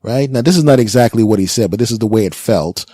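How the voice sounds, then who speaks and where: A man's voice: fairly low pitch, quick pace, slightly rough, dry recording, studio quality. A man in his forties doing a comedy monologue as a podcast host, telling stories and acting out the people in them. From United States. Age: 40s. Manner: animated storyteller, acts out other voices, repeats words for effect.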